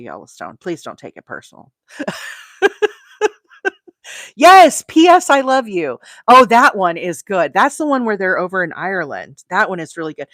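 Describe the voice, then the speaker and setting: A talkative woman with a drawl hosts a live crochet stream, rambling between topics and laughing often. Her voice sits fairly low but swings widely in pitch. The sound is close and dry. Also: a bit bright, no room sound. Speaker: crochet livestream host. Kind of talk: casual live-stream chat.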